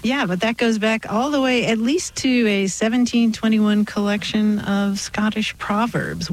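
A woman's voice: on the high side, expressive, normal speed, few pauses, low-quality recording. A woman co-hosting a radio show about words, chatting casually, quoting old sayings and laughing often.

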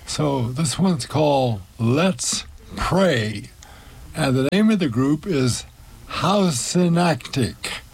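A man narrating a storybook and hosting a radio show, slow and deliberate. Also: mid-range voice, expressive, creaky, a little mellow, slightly rough, no echo.

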